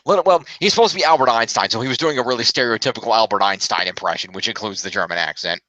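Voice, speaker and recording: A man's voice: mid-range voice, rapid-fire, pushed and bright, dry recording, rough recording. A man chatting casually as a film reviewer, rambling and correcting himself as he goes. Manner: rambling, self-correcting, upbeat.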